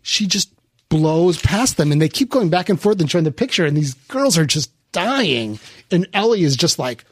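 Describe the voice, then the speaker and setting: A man's voice: on the high side, sing-song, normal speed, breathy edge, no room sound, clean studio sound. Profane joking man hosting a podcast. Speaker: podcast host. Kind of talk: casual chat, reading listener names.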